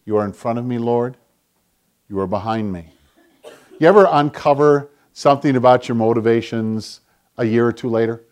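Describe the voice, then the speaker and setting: An older man preaching a sermon, earnest, often dropping to a hushed voice when voicing prayer. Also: mid-range voice, moderate pace. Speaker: pastor.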